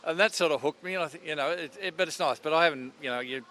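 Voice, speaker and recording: A man's voice: a little high, fast, sharp tone, slight background noise. Rambling older Australian man at the track. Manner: rambling, chatty storyteller with many restarts. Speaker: radio presenter. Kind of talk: casual interview chat. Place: outdoors at a racetrack.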